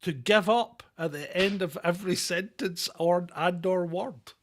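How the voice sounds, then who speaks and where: A British man with a high, bright voice co-hosts a loose comedic chat, teasing his partner and laughing at his own jokes. His delivery is irreverent and mocking, with sarcasm running through it. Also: a little slow, slight background noise. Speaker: podcast co-host.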